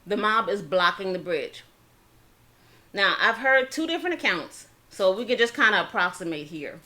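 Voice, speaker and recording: In a medium-pitched voice with big pitch swings, pushed and bright, a channel host tells a history story while eating on a casual show. She is chatty, dramatizes the quoted dialogue, and breaks off to spell out words.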